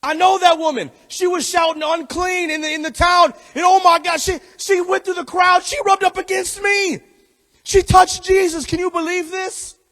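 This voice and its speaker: A man voicing a frantic townsperson in a crowd, shouting gossip and stammering with alarm, as part of a sermon. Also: extremely high pitch, fairly even intonation, normal speed, pitched above the performer's own voice, heavily acted. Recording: echoey hall.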